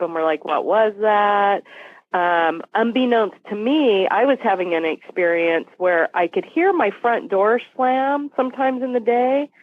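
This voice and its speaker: A woman in her forties, a podcast guest, telling a story with animated quoted voices. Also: on the low side. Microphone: phone call. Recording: tinny phone line.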